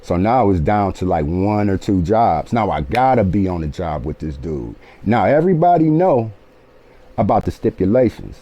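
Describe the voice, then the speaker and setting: A man in his late forties spins a personal story, animated and loose with profanity. He keeps checking in with his listeners. His voice sits low and mellow, with a dark, relaxed tone. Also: normal speed, highs cut off. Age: 40s. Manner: animated, profane, keeps asking "you feel me". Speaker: author telling his life story. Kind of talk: casual storytelling.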